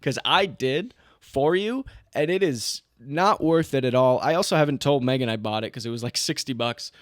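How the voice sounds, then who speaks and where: A man's voice: medium pitch, normal speed, no echo, clean studio sound. A young adult man co-hosting a podcast in casual chat, joking and swearing as he rants. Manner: profane, ranting, jokey. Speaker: podcast co-host.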